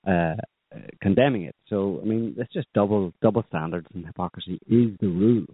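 Man, opinionated political talker, rambling with fillers, very low voice, dry tinny line. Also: a little fast, slightly rough, no echo. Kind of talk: political discussion.

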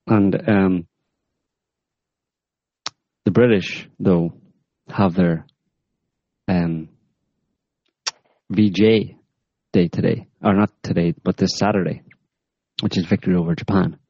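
Male host, very low voice, deadpan sarcasm, dry dull recording. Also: takes it slowly, long pauses, no echo. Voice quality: rambling, deadpan with many fillers. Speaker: podcast host. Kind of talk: sarcastic current-affairs chat.

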